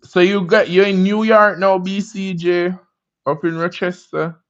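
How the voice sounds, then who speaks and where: A Jamaican man hosts a casual livestream chat in a high-sitting voice with fairly even intonation. Laid-back and drawn-out, he answers viewer comments and greets viewers by name. The sound is lo-fi.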